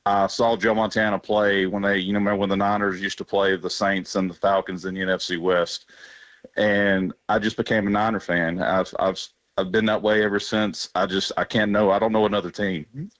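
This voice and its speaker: A man from Alabama phones in to a sports radio show, his low voice flat and dull through the phone line. He rambles and chokes up with emotion, speaking from the heart. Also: a little fast, no echo. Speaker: radio caller.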